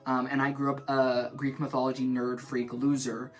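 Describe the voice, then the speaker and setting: A young man vlogging in his shower, rambling in an animated, self-mocking way. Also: mid-range voice, moderate pace, soft background music. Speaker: vlog host. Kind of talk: rambling stream-of-consciousness chat. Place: in the shower at home.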